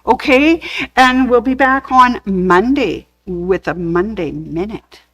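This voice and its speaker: A woman's voice: medium pitch, slow pace, a bit bright, low-quality recording. A woman hosting a sewing shop's live show, gushing over craft samples and telling corny jokes in casual chat.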